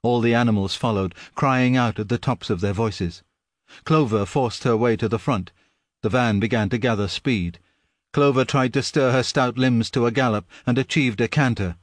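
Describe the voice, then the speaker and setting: A man's voice: mid-range voice, normal speed, dry recording. Man narrating a story in a dry close voice. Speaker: audiobook narrator. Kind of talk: scripted narration.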